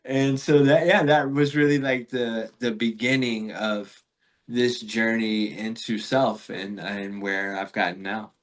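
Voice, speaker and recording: A man from Florida, a podcast guest, telling a rambling spiritual story in a reflective, casual way with fillers and soft laughs. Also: fairly low pitch, fairly even intonation, a little slow.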